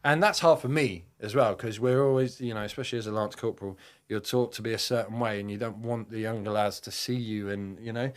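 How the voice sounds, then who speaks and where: A man in his thirties, a podcast guest and army veteran, telling a rambling, vivid war story with plenty of swearing. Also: fairly low pitch. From United Kingdom. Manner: acts out quotes in a raised voice.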